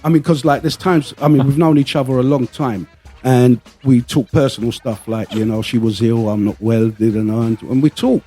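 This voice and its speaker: A man's voice: mid-range voice, fairly even intonation, moderate pace, mellow, breathy edge, soft background music. A man hosting a casual podcast, telling rambling anecdotes and swearing freely. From London. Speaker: podcast host.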